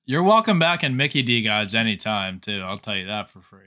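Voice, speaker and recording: A male podcast co-host with a bright, sharp-edged voice, trading jokes and teasing the guest. His talk is quick, casual banter. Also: on the low side, big pitch swings. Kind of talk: casual chat.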